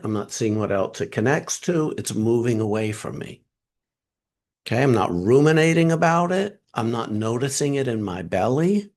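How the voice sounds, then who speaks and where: Male workshop trainer on a video call, lively up-and-down pitch, quizzes the group then answers himself. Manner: animated, asks and answers his own questions.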